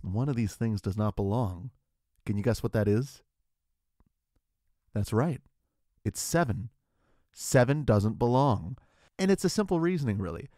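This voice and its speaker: A man hosting a podcast, delivering a rambling, mock-serious absurdist comedy monologue in a deadpan way. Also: mid-range voice, a little slow, pauses often, no room sound, clean studio sound. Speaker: podcast host.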